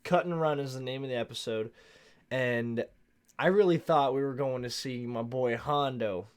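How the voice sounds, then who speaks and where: A man's voice: medium pitch, normal speed, smooth. A tired man talks his way through a show recap late at night and yawns along the way. His delivery is loose and rambling, full of slang, and it keeps drifting off topic before he pulls it back. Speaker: show reviewer. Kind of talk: casual recap chat.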